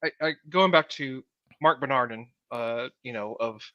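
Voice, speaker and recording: A man's voice: medium pitch, normal speed, pushed and bright, no room sound, dull audio. A man co-hosting a podcast, talking casually and rambling, often repeating words while he gathers his thoughts. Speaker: podcast co-host.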